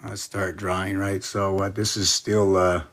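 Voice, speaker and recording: Brief: man, lowish voice, casual rambling vlogger, muses aloud with rhetorical questions. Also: little pitch movement, a little slow, a bit bright. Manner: musing, asks many rhetorical questions. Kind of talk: rambling casual explanation to camera.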